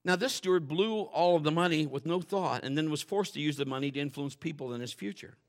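A male pastor preaching a sermon in a folksy, joking way, dropping to quiet asides and building to loud, fervent stretches. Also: on the high side, fast. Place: church.

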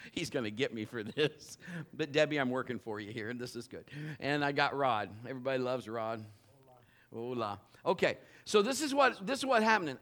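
A man preaching a sermon from a church stage, telling a teasing, animated story and joking with the people he calls up. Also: medium pitch. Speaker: pastor. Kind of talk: sermon with a live demonstration. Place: church stage before a congregation.

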